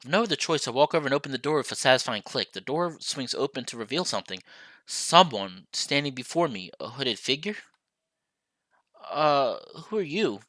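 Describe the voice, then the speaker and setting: A man's voice: medium pitch, lively intonation, normal speed, sharp tone, no room sound. A young man streaming a visual novel, reading it aloud and chatting to viewers in a playful, apologetic way.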